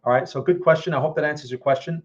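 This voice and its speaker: A trading livestream host speaks in a slightly high voice at a very fast clip, and the recording sounds muffled. He runs a casual market stream, looking at charts as he answers viewer questions and checking in often with "all right" and "okay."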